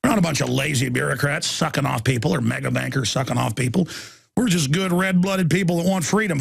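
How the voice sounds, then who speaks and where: A middle-aged man hosting a radio show, rambling through shout-outs to his team and repeating words for emphasis. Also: sits high, creaky, dry recording, clean studio sound. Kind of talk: enthusiastic on-air shout-outs.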